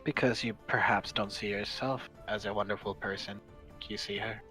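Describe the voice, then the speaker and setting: A man's voice: lowish voice, fairly even intonation, moderate pace, pushed and bright, soft background music. A man playing a tabletop role-playing game, asking probing questions. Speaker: player. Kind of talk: casual play in a tabletop game.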